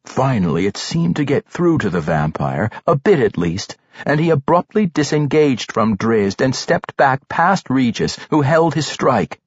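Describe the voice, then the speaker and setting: Man, audiobook narration, husky, lively pitch, dry, dull recording. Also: unhurried, hardly any pauses, no echo. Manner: expressive, animated delivery. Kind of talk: dramatic fantasy audiobook narration.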